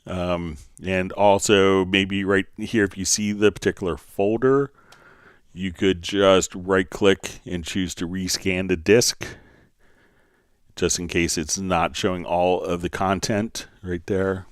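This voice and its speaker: A man hosting a live software tutorial, answering viewer questions and thinking aloud as he clicks through menus. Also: sits low, fairly even intonation, slow, no echo, studio quality. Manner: thinking aloud, many fillers.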